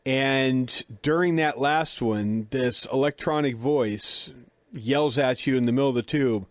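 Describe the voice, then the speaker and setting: A middle-aged man tells a story in a relaxed, chatty way, poking fun at himself and playing out both sides of a conversation. His mouth sounds a little dry. The recording is close and dead, with no room sound. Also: mid-range voice, measured pace, no room sound. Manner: chatty, self-deprecating, acts out dialogue. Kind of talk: casual storytelling.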